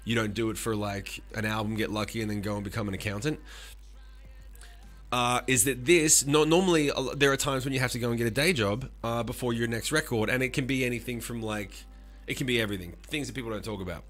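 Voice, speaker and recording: A man in his forties, a musician streaming live, talking casually with animated, profane rants and answering chat. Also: mid-range voice, quick pace, soft background music.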